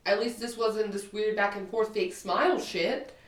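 A woman's voice: mid-range voice, steady tone, normal speed, recorded from a distance. A woman in her twenties co-hosting a podcast, talking bluntly and emphatically with plenty of swearing. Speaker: podcast co-host. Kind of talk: casual chat. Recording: roomy sound, a bit off-mic.

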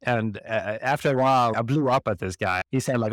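A man's voice: mid-range voice, fairly quick, few pauses, dry recording. A man from Sweden, an interview guest telling stories in a conversational way and acting out the voices of people he quotes. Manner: animated, acts out quoted voices. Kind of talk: conversational storytelling.

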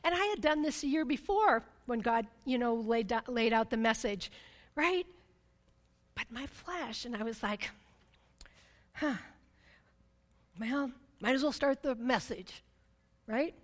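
A woman preaching in a sermon, her voice sitting high and ringing with long reverb from a big hall. She tells a personal story and keeps checking in with "right?". She moves between emphatic, loud passages and hushed, intense ones. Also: animated, a little slow, long pauses.

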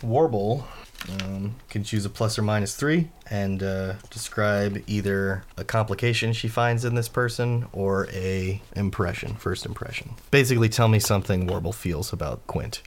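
Low-voiced man running a tabletop game. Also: normal speed, slight background noise. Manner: casual, rambling narration with fillers. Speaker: game master.

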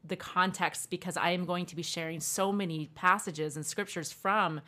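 Woman podcast host, lowish voice, warm and explanatory about faith. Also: fairly even intonation, normal speed.

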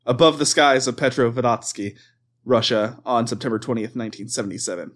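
A man hosting a casual podcast, reading items from a list aloud with frequent laughs and stumbles. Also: mid-range voice. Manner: swears and laughs at his own mistakes. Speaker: podcast host reading cryptid lore.

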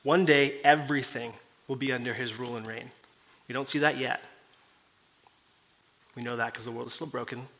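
Male pastor, mid-pitched and bright, earnest sermon delivery with questions to the room. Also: fairly even intonation, normal speed, long pauses. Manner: earnest preaching, rhetorical questions to the congregation.

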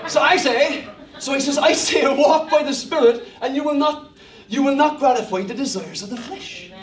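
A middle-aged man from Ireland with a Cork accent, preaching a sermon with humorous stories and animated impressions. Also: very high voice, moderate pace, roomy sound, recorded from a distance. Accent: Cork Irish. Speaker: pastor.

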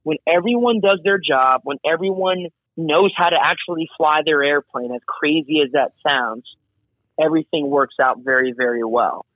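A man working as an air traffic controller, talking casually and animatedly as an interview guest, explaining his job with quick asides, heard over a remote call. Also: fairly high pitch, dry recording. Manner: animated, chatty, acts out radio calls. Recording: tinny phone-like line.

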